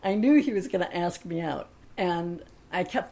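A woman's voice: fairly low pitch, normal speed, warm tone. A woman telling a personal anecdote in a chatty way, laughing often and acting out the other people in her story.

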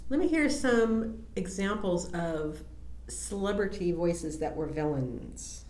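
Low-voiced woman chatting, echoey room. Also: animated, slow pace, darkish tone. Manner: chatty anecdotes, laughs easily. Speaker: interviewer. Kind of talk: casual chat. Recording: roomy echo.

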